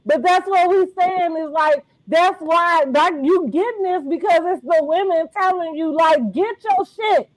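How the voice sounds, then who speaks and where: Brief: middle-aged woman host, high bright voice, slangy animated chat, dry close sound. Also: a little slow, hardly any pauses, no room sound, rough recording. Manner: animated, slangy, laughs often. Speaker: podcast host. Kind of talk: casual reality-TV recap chat.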